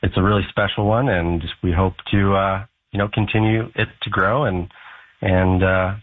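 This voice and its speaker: Low-voiced guy on the phone to a radio show, husky, lots of uh's. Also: fairly even intonation, moderate pace, no echo, phone-quality sound. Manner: hesitant, many fillers. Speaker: tournament director, guest. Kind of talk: radio interview.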